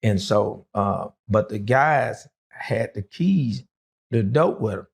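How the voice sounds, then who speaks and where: Gravelly, husky middle-aged man. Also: lowish voice, animated, slow pace. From Dallas, Texas. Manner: rambling, with many fillers and acted quotes. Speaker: guest telling his life story. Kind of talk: casual storytelling.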